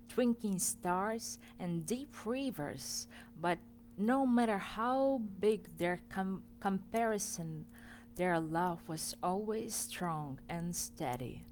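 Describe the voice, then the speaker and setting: A woman's voice: medium pitch, darkish tone, a little hiss or hum. A woman reading a children's story aloud in an informal way, stumbling and correcting herself as she goes. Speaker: reader.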